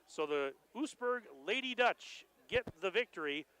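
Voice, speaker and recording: A man doing live play-by-play for a high school basketball game, excited and rising to shouts at the big plays. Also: a little slow, smooth, rough recording. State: out of breath. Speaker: play-by-play announcer.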